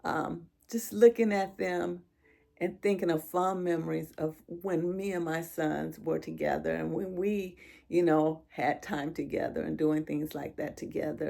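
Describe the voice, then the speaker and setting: A middle-aged woman talks straight to her viewers in a low, gravelly voice. Her speech is heartfelt and halting, with pauses and restarts as emotion catches her. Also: fairly even intonation, mellow. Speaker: vlogger. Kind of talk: heartfelt personal chat to viewers.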